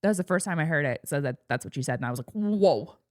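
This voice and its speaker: A pregnant woman in her thirties co-hosts a podcast, chatting casually in a low-pitched voice at a racing pace, rambling and giggling often. The audio is studio quality with no room sound.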